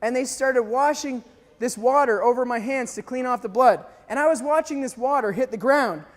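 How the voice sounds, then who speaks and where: Speaking at an extremely high pitch and normal speed, a Canadian man tells a live audience a dramatic personal story about a mission. He acts out voices and shouts along the way, and the sound has a big-room quality.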